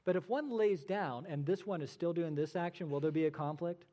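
Preaching fairly quickly in a dark-toned, somewhat high voice, a male pastor drives home his sermon with rhetorical questions and sly, sarcastic remarks. His words echo through a long hall reverb, like a church sanctuary.

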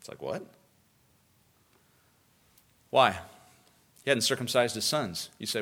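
An emphatic male pastor preaching a sermon, his voice sitting at a middle pitch. He hammers points home by repeating them, and he shifts between quiet, low stretches and raised urgency. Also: lively intonation, slow pace, vocal fry, pauses often, husky.

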